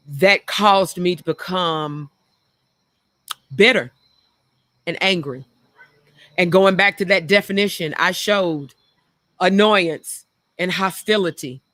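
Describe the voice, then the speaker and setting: A woman's voice: fairly low pitch, bright, forceful tone, no room sound. A middle-aged woman hosting a talk show, speaking frankly and earnestly about her own past and repeating phrases for emphasis. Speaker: show host. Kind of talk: reflective personal talk.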